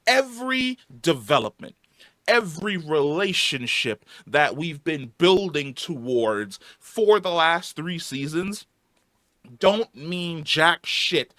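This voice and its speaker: A man's voice: on the high side, expressive, takes it slowly, bright, forceful tone, no room sound, studio quality. A man reviewing a show in a heated, angry rant, swearing and repeating himself for emphasis, his voice wearing out. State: losing his voice.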